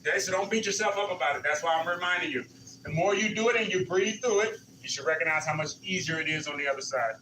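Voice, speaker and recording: A man's voice: fairly high pitch, fast, echoey room, recorded from a distance, noisy background. A man leading a senior exercise class, counting reps and coaching encouragingly. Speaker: senior fitness instructor. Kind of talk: live exercise class instruction. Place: community center exercise room.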